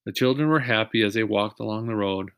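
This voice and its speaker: Here a man with a fairly low, clean-toned voice reads a children's chapter book aloud, even and patient yet fairly quick. He shares the story with young listeners, occasionally stopping to ask questions, and the recording is plain, close and dry.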